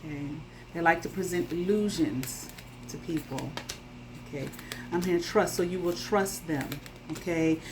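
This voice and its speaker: A woman's voice: on the low side, normal speed, background noise. A woman giving a casual tarot reading to her viewers. She talks bluntly, swears freely and keeps checking in with "okay?". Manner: emphatic, checks in with frequent "okay?". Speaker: tarot reader.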